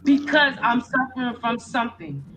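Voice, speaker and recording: Candid middle-aged woman, high voice. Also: fairly even intonation, normal speed, background noise. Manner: candid, emphatic, blunt. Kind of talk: personal testimony in casual chat.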